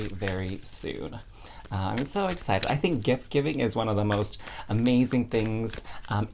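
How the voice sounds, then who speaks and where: A woman's voice: very deep voice, slight background noise. A woman giving a casual, chatty spiritual card reading to camera, bubbly and addressing viewers as fam. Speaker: tarot card reader.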